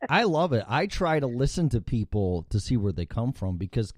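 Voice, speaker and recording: A man's voice: medium pitch, sing-song, moderate pace, darkish tone, no room sound, studio quality. A man from Chicago with a Chicago accent, hosting a casual talk show and chatting bluntly, swearing freely as he tells stories. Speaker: radio show host. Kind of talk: casual chat.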